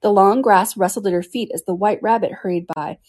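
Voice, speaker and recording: A woman narrating a classic storybook in a steady, measured way for a podcast. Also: medium pitch, breathy edge. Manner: steady, measured reading aloud. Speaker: reader.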